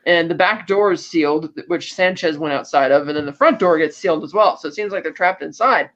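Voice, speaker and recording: A man co-hosting a podcast, retelling a movie plot in a casual, animated way and jumping into quick voices for the characters. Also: on the high side, lo-fi sound. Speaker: podcast co-host. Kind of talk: casual film recap.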